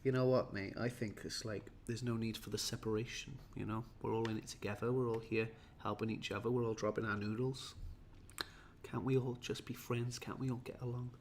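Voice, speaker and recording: A man's voice: lowish voice, fairly even intonation, fairly quick, a little hiss or hum. A tired, jetlagged man from Wales, rambling and self-mocking as he chats with viewers on a livestream. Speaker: livestream host. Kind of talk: casual livestream chat.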